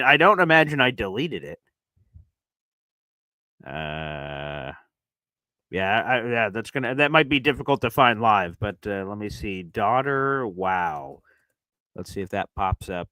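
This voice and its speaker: Man, sports stream host, lively pitch, bright tone, dry close sound, chatty with fillers. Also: no echo, low-quality recording. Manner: loose, chatty, many fillers, shifts from loud to muttering. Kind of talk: casual live-stream chat reading super chats.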